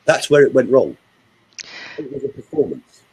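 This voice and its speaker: A man who works as a voice coach, telling stories and giving advice in a lively, expressive way. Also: mid-range voice, normal speed, husky, rough recording. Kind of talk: animated storytelling and coaching talk.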